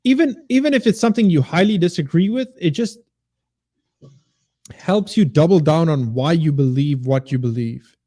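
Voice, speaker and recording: A man's voice: fairly high pitch, normal speed, mellow. A man who teaches, a guest on a casual podcast, making his points with emphatic repetition and a preachy tone.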